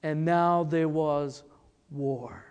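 Slow, high-voiced preacher in a reverberant hall. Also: male voice, darkish tone, clear, resonant tone, highs cut off. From Republic of the Congo. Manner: emphatic, rhetorical questions, dramatic pauses. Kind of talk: sermon. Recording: long church-hall reverb.

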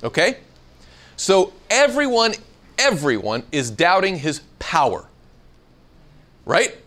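With a high-sitting voice and a slow pace, a man teaches scripture at a live Bible seminar. He's animated, drawing the audience in with questions and enacting the quoted lines.

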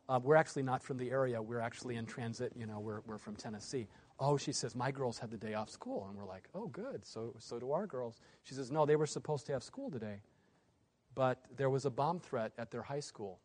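A man in his forties from the United States, giving a sermon presentation. He swings between loud emphasis and quiet phrase endings. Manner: varies loudness widely, drops low at phrase ends. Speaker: preacher.

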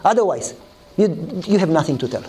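Animated high-voiced male preacher. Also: moderate pace, slightly rough. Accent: Eastern European. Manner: animated storytelling, acts out dialogue in a higher voice. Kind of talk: sermon with acted-out story.

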